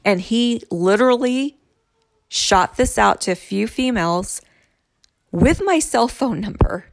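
A woman's voice: fairly high pitch, lively intonation, a little slow, gravelly, dry recording, studio quality. A middle-aged woman telling the story of her ex-husband's affairs in a candid, exasperated way, acting out what people said to her. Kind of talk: casual personal storytelling.

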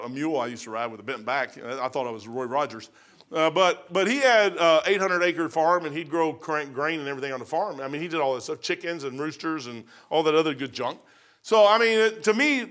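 A man preaching a sermon in a folksy, animated way, jumping from loud bursts to quiet asides. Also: a little high. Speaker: pastor.

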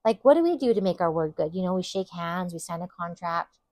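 A woman's voice: lowish voice, expressive, fairly quick, mellow, dry recording. Earnest woman teaching from the Bible. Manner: earnest and enthusiastic, with emphatic repetition. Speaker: Bible teacher podcast host.

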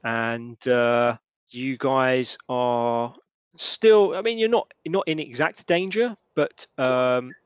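A man narrating as game master of a tabletop role-playing game, halting and full of restarts. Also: mid-range voice, clean tone, no echo, dull audio. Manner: halting, lots of restarts and fillers.

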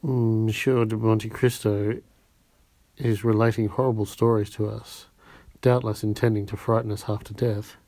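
A man's voice: on the low side, level tone, moderate pace, mellow, dry recording, close to an everyday voice. A man voicing a poised, sly society lady in a cool, pointed way.

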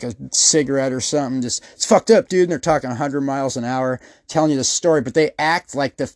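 A man's voice: mid-range voice, no echo. A man hosting a podcast, telling rambling, profane stories and acting out the people he quotes. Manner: swears constantly, rambling storyteller who acts out quotes. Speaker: podcast host. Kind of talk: profane comedic rant.

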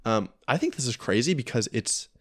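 A man's voice: medium pitch, expressive, a little fast, dry recording, clean studio sound. A man co-hosting a podcast, chatting casually and reading news updates aloud in a laid-back way. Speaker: podcast co-host.

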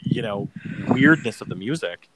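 A man's voice: medium pitch, expressive, normal speed, fairly bright tone, slightly rough, no room sound, poor audio. Chatty man, dry close sound. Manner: rambling, filler-heavy, acts out quoted lines. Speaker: podcast co-host. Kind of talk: casual chat about a TV adaptation.

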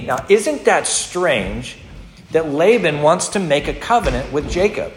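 A man's voice: on the high side, very animated, a little slow. A male pastor giving an expository sermon in a conversational teaching manner, often restarting his phrases. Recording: roomy hall echo, faint noise.

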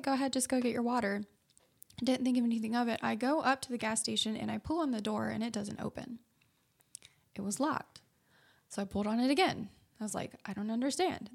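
A woman's voice: a little high, fast, gravelly, breathy edge. A woman co-hosting a casual podcast chat, telling stories and acting out the exchanges she quotes. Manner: storytelling, acts out quoted exchanges. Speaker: podcast co-host.

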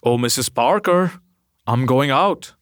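Male reader as a stingy literary gentleman. Prim, softly insistent, unhurried, dry close mic. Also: medium pitch, expressive, clear, resonant tone, no echo. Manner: prim and quietly suspicious.

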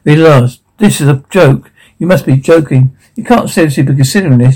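A man's voice: on the high side, brisk, few pauses, darkish tone, husky, low-quality recording. A man reading a drama script aloud, voicing every part himself and reading out the stage directions, dramatic and often stumbling over words and restarting, with frequent swearing.

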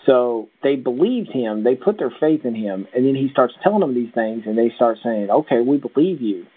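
A man's voice: mid-range voice, expressive, moderate pace, breathy edge. A man co-hosting a casual show recap in an easygoing, chatty way. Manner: easygoing, chatty, many fillers. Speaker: podcast co-host. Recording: tinny phone-like sound.

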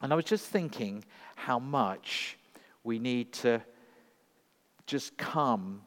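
A male pastor preaching a sermon in a reflective, halting way at a church service. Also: mid-range voice, expressive, fairly bright tone. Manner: hesitant, reflective, many restarts. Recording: long reverb in a church hall.

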